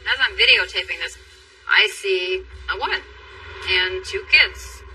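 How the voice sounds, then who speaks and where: A woman's voice: medium pitch, measured pace. Woman recalling events, distant with music. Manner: earnest, emotional retelling. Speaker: interviewee. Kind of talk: interview recollection. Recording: distant mic with music underneath.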